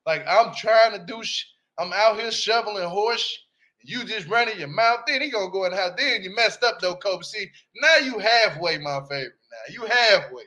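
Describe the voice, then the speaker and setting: A man's voice: high-pitched, lively intonation, normal speed, bright, forceful tone. A young man in AAVE giving blunt, brash, slang-heavy casual commentary on a reality show, often asking "you hear me?". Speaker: reality TV reviewer.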